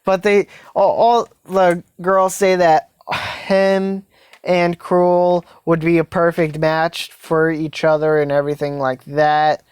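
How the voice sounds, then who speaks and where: A woman with a lowish voice improvises a fan story, rambling along with lots of fillers and tacked-on phrases. The recording is dry and close, with no room sound. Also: level tone, slow pace, darkish tone, clean tone, dry recording.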